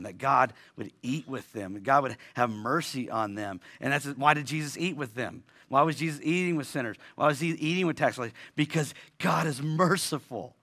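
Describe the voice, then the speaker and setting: Bright-voiced man preaching a sermon. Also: mid-range voice. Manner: conversational preaching with frequent restarts and rhetorical questions. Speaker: pastor.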